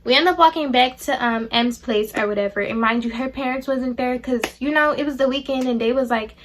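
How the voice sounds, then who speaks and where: A young adult woman vlogger chats to camera in storytime style, recounting a personal story to her viewers. Her voice is high and a little fast with a slight hiss or hum, and she's blunt and profane, acting out the people she quotes.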